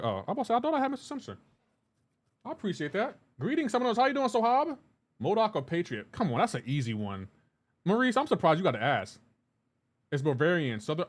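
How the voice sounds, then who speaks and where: Guy streaming games live, kinda high voice that jumps around a lot, chatty and jokey, reads chat out loud. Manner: joking, teasing. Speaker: game streamer.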